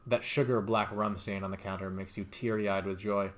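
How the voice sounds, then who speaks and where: Guy voicing a pushy inner voice in a game, loud and coaxing, all about cravings. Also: on the low side, steady tone, normal speed, natural voice. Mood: tempting. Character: tempting inner voice of vice, greedy and loud.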